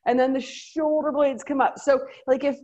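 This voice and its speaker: This middle-aged instructor, speaking with a Southern US accent, coaches a workout class at normal speed in a high, slightly mellow voice with fairly even intonation. She's bubbly and playful, tossing in little sound effects and laughs, though the audio is dull.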